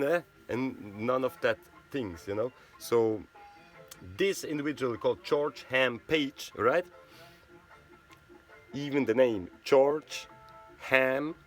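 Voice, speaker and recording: A man's voice: mid-range voice, darkish tone. Rambling man with a Swiss German accent. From Switzerland. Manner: rambling, with frequent "you know" and "right?" tags. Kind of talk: casual rambling monologue.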